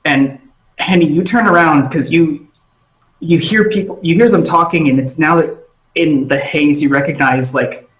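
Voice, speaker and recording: A man runs a tabletop game, narrating scenes with animated energy. His voice sits a little higher than most men's. The room around him rings with noticeable echo. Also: normal speed. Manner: animated, acting out side characters. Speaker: game master.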